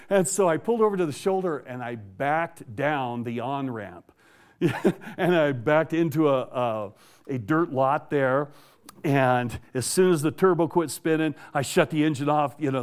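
Male guest, mid-pitched, folksy testimony with frequent chuckles and stumbles. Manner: chuckles often, restarts and repeats words; folksy, plainspoken storytelling. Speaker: guest telling a personal faith story. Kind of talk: casual spoken testimony.

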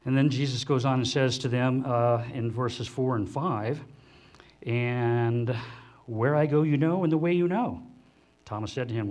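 Guy pastor giving a sermon, middle pitch, chatty and animated, talks right to the room. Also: measured pace. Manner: animated, acts out the disciples' voices in higher pitch; conversational, with restarts and asides to the congregation. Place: church hall before a congregation.

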